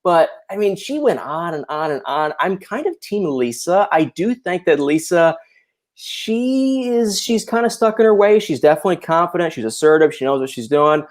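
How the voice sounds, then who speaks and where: A man appearing as a guest on a video call, talking casually in an animated, opinionated way and often restarting his sentences. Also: on the high side, moderate pace. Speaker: guest YouTuber. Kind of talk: casual chat.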